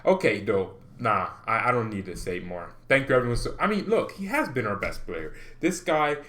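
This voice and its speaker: A young man hosting a casual football fan vlog, excitable and animated, laughing often as he ranks players. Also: medium pitch, moderate pace. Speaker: football channel host.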